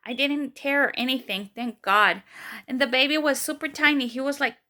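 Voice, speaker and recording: Bright high-voiced young woman vlogger. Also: normal speed. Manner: animated retelling, acts out quoted voices, many fillers. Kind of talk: casual storytelling.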